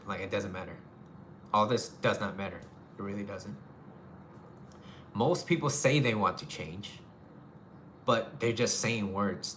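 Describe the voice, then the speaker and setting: A man with a bright, forceful voice talks casually through relationship advice, frank and loose, dropping swear words and repeating himself as he makes each point. He sits at middle pitch, and a faint hiss of noise runs underneath. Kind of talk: casual advice chat to a live audience.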